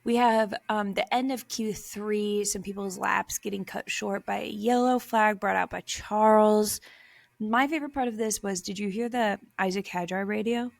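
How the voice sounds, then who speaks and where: A young woman with a gravelly, fry-edged voice chats as a podcast co-host. She talks in a loose, animated way and laughs often as she tells stories. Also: medium pitch, moderate pace. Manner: chatty, laughing, animated storytelling. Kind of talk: casual chat.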